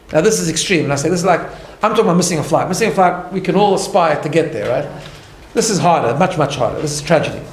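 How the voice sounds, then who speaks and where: A man teaching an informal class as a rabbi, talking conversationally and emphatically, often restarting and checking in with "right?". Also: fairly high pitch. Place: study hall. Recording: echoey room, faint background hum.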